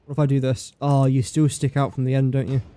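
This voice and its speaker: A man's voice: medium pitch, little pitch movement, fast, dark tone. A man chatting casually during a gameplay livestream, playful and self-mocking, talking to objects in the game. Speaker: game streamer.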